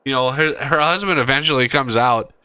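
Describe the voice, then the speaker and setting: A man's voice: mid-range voice, brisk, sharp tone, clean tone, dry recording. A man hosting a gaming channel, chatting casually while he plays and telling a rambling story full of restarts. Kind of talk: casual chat while playing a game.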